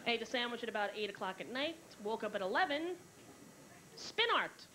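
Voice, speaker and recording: A woman's voice: on the high side, lively intonation, fairly quick, a loud crowd, heavy background noise. A woman doing stand-up comedy on a theater stage, telling stories in a brash way and putting on voices for the people in them. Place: theater stage before a live audience. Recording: 1990s televised special with clear room ambience.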